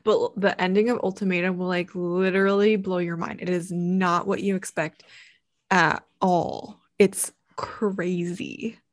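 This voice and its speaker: A woman's voice: on the low side, little pitch movement, normal speed. A woman in her twenties co-hosting a podcast in casual chat, chatty and full of "like", laughing often. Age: 20s. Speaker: podcast co-host.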